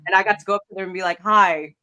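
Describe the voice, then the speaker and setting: Chatty woman co-hosting, bright voice, gets excited telling stories. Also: mid-range voice, very fast, highs cut off. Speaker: co-host. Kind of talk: casual chat.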